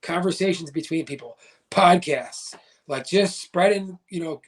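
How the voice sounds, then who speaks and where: Chatty higher-voiced man telling a story. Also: a little slow, breathy edge. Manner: rambling, many "like" fillers. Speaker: podcast guest. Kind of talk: casual storytelling chat.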